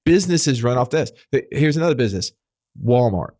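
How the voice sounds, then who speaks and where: A man hosts a casual finance podcast and explains each idea through a string of rhetorical questions. His voice is mid-pitched, and the recording is dry, with no echo. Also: lively intonation, brisk, a little mellow. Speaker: podcast host.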